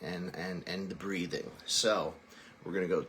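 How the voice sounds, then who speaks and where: A man's voice: sits low, steady tone, a little slow, fairly bright tone, a little hiss or hum. A man teaching a singing lesson, explaining technique and then singing short vowel drills to demonstrate. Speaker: vocal coach.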